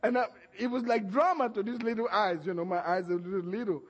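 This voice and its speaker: A man, a pastor, preaching a sermon with animated storytelling, laughing often and acting out the voices in his stories. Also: sits high, fast talker, big-room sound, lo-fi sound.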